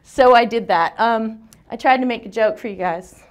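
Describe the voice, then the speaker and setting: A woman in her forties giving a lively, joking seminar talk in a lecture room. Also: a little high, normal speed. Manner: lively, joking, self-deprecating. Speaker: seminar speaker. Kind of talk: conference talk.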